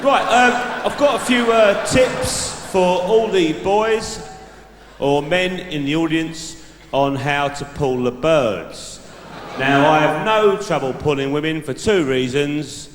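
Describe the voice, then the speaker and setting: A man's voice: fairly high pitch, slow, a little hiss or hum. Brash laddish man on stage. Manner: brash laddish bloke giving dating tips. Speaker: stand-up comedian. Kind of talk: stand-up character act. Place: large live venue stage. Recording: echoey hall from the stage mic.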